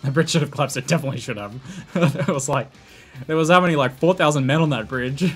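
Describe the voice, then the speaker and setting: An Australian man narrating and commentating a strategy game he plays, excitable and laughing often, shouting battle orders at his troops. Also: fairly high pitch, fast talker, soft background music. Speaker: gaming YouTuber. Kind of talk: let's play commentary and narration.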